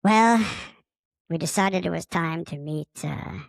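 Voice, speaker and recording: A man's voice: on the high side, takes it slowly, gravelly, no room sound. A man playing a friendly, immature male space alien who has taken over a podcaster's body, talking in a rambling, casual way and fond of swearing. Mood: chatty. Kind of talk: casual improvised monologue.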